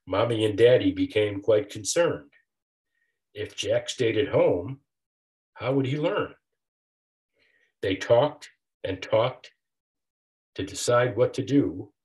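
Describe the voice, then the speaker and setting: Older male author reading a children's rhyme aloud, unhurried, with a lively sing-song rise and fall. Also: mid-range voice. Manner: rhythmic rhyming delivery. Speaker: author reading his picture book. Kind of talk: storybook read-aloud.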